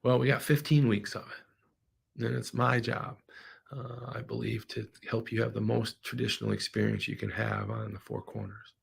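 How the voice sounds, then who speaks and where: A man's voice: medium pitch, level tone, moderate pace, vocal fry, husky. A middle-aged man, a business owner, talking through a casual livestream in a rambling, heartfelt way, emotional at times.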